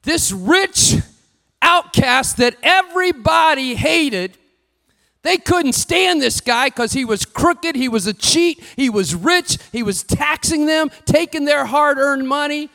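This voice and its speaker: A man preaches with animated delivery, his voice pitched very high and gravelly. He rises to shouts and acts out what the figures say. His words ring through a hall with a long reverb. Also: takes it slowly. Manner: animated, shouting at peaks, acting out quotes. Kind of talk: sermon.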